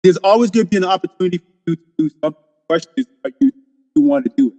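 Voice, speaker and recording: High-voiced, fast-talking man on a podcast. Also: animated, dark tone, long reverb tail, muffled recording. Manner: emphatic, opinionated, talks in bursts. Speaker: podcast co-host. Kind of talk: casual podcast discussion.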